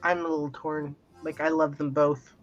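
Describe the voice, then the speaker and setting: A woman's voice: sits low, level tone, moderate pace, lo-fi sound, soft background music. A woman co-hosting a livestreamed podcast in casual chat, chatty and laughing between remarks. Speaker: podcast co-host.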